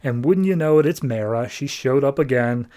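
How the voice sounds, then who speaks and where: A man's voice: medium pitch, normal speed, dark tone. A man hosting a podcast, recapping a comic book in a chatty, rambling way with fillers. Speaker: podcast host.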